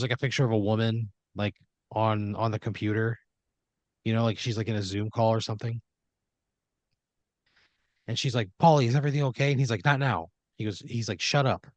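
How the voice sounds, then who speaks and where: A lowish male voice, recorded without echo, belongs to a comedy podcast host spinning an improvised tale addressed to "you." He rambles, leans heavily on fillers, and occasionally breaks into quoted voices.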